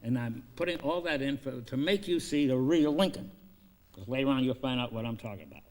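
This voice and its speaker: A filmmaker pitching a film story, energetic and profane, acting out each scene as he goes. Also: brisk.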